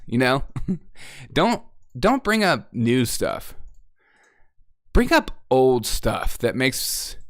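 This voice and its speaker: A man's voice: mid-range voice, no room sound, studio quality. A man hosting a comedy news show, giving sarcastic, mocking commentary and breaking into laughter often.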